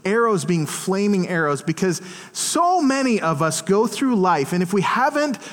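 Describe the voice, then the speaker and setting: A middle-aged man preaching a sermon as pastor, telling stories in an animated way and acting out the quotes. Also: high-pitched, moderate pace, big-room sound. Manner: animated storytelling with acted-out quotes. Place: church.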